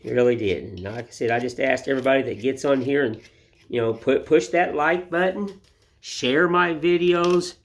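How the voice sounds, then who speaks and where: A man's voice: medium pitch, normal speed. A man hosting his woodcarving channel from an indoor wood shop, chatting to viewers in a folksy, rambling way as he whittles. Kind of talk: casual folksy talk to viewers while whittling.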